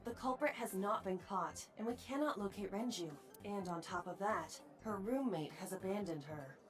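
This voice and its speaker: An actress voicing a precise, calm female AI assistant in a video game, formal and even. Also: medium pitch, moderate pace, far from the mic, faint music behind, lightly acted.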